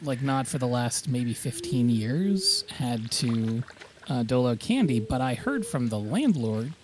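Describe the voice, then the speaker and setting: A man's voice: mid-range voice, sing-song, unhurried, darkish tone, slight background noise. A man in casual chat while streaming a farming game, talking in a rambling, hesitant way with frequent fillers. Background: game music.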